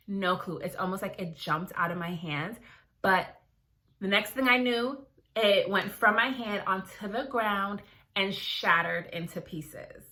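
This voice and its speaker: A young woman, a dermatology resident, chatting casually to her viewers in an animated storytelling vlog. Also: medium pitch, unhurried. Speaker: dermatology resident, video creator.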